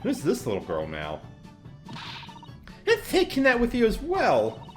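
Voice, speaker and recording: A cheerful young British girl inventor, as a woman puts her on chirps with a raised, sing-song voice and a prim, scolding manner. Her pitch leaps up and down widely, and faint music plays behind her. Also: huge pitch swings, a little slow. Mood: bubbly prim.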